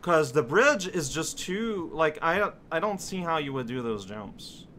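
Guy narrating his game slowly, bright voice, swings up and down a lot, keeps blowing up in frustration. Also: a little high, expressive, a little hiss or hum. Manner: muttering, bursting into exasperated shouts. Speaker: let's play commentator. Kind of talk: casual gameplay commentary.

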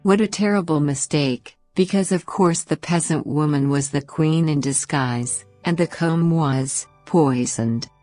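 A woman narrating a bedtime fairy tale in a slow, gentle, expressive reading. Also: low-pitched, soft background music. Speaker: storyteller.

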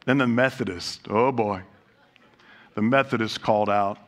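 Bright-voiced preacher man. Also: mid-range voice, expressive, moderate pace. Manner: storytelling with jokes and rhetorical questions. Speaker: pastor. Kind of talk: sermon. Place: church sanctuary.

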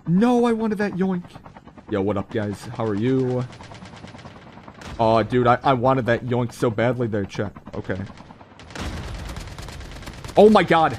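There's a little background noise as a young man excitedly commentates on a mobile shooter game for his viewers. His talk is slangy, punctuated by sudden shrill yelps.

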